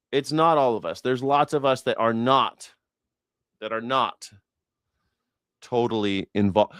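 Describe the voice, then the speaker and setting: A man's voice: medium pitch, dry recording, studio quality. A man doing casual livestream commentary, telling rambling, profane, jokey stories and acting out what people said. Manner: rambling, profane, jokey storytelling with acted-out quotes. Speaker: independent news and culture commentator.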